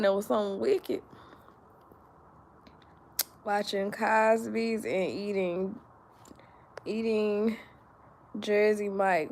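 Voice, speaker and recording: Sleepy woman livestream host, casual and slow-paced, slightly high with a gravelly fry. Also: a little mellow. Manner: slow and drowsy, talks straight to viewers. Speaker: livestream host reading viewer comments. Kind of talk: casual live chat.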